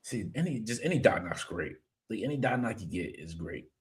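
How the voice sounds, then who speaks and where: A man with a somewhat low voice hosts a relaxed podcast chat. He tells stories in a lively way, acting out his own past reactions, and reads viewer comments aloud as he goes. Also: brisk. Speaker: podcast host. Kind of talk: casual chat.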